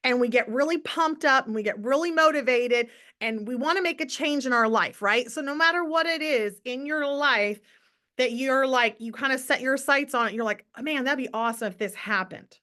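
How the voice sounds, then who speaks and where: A woman's voice: high voice, normal speed, bright, forceful tone. A woman leading a live motivational morning call for her team, upbeat and enthusiastic, chatting to viewers and repeating key points for emphasis. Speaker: network marketing team leader.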